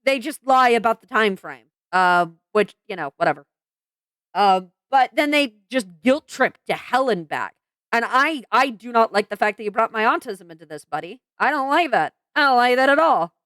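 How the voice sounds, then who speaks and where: A woman's voice: fairly high pitch, lively intonation, normal speed, a bit bright, no room sound. A woman venting in a commentary vlog, frank and exasperated, swearing and restarting her sentences with lots of fillers. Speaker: vlogger.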